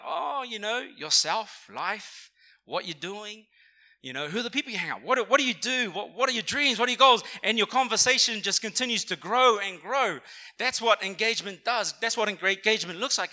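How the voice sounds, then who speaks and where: Bright-voiced young preacher. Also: male voice, sits high, brisk. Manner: energetic, conversational, calls for audience response. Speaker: pastor. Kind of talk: sermon. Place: church auditorium.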